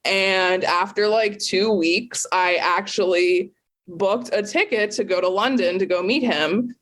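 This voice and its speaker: Woman guest telling her story, lively, cusses a lot, laughs at herself. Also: medium pitch. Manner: animated, swears freely, quick to laugh at herself. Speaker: podcast guest. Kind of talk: casual storytelling.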